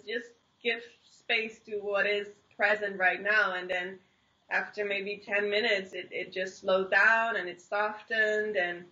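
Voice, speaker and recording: A young woman from the Netherlands, telling a personal story as an interview guest in an animated, rambling way full of "like" and restarts. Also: medium pitch, lo-fi sound. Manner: animated, heavy use of "like" and restarts. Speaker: interview guest, singer-songwriter. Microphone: online video call.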